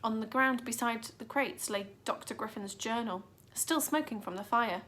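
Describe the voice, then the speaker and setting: A woman's voice: fairly high pitch, normal speed, fairly bright tone. A woman reading a children's adventure book aloud with dramatic expression. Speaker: narrator. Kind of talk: storybook reading.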